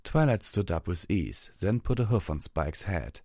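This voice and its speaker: A man reading a fantasy story aloud as narrator, steady and measured. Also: sits low, no echo, studio quality.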